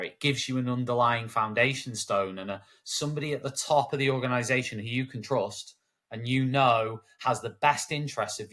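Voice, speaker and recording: A British man talking in a bright, forceful voice with medium pitch. He tells stories with energy and acts out the voices of the people he quotes, as a guest on an interview podcast. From United Kingdom. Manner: animated storyteller who acts out quoted voices. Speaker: guest, education broadcaster. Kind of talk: conversational interview.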